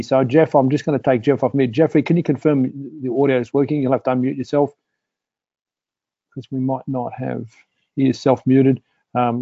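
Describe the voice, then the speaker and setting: A man's voice: medium pitch, mellow, no room sound, highs cut off. A man hosting a webinar, talking in a rambling way with many "uh" and "um" fillers. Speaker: host. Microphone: video call.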